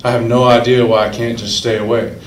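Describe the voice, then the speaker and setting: A man's voice: mid-range voice, flat delivery, fairly quick, slight background noise. A man speaking earnestly and emotionally as a recovery meeting speaker, repeating phrases for emphasis. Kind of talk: personal recovery story told to a meeting. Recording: echoey room.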